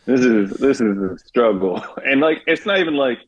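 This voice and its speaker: A man talking as a podcast guest in casual chat, animated, laughing often and filling his speech with "like". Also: medium pitch, moderate pace, highs cut off.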